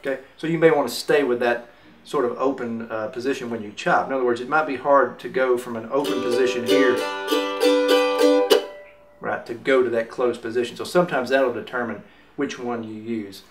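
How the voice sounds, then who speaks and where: A man teaches mandolin rhythm in an easygoing way, demonstrating and counting beats aloud as mandolin music plays. His mid-range voice has fairly even intonation at a normal speed. The recording is roomy and off-mic.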